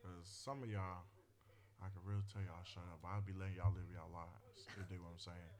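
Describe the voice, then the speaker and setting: A man's voice: sits low, little pitch movement, a little fast, a little mellow. A man co-hosting a podcast in casual chat, laid-back and agreeable, chiming in with short replies and advice. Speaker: podcast co-host.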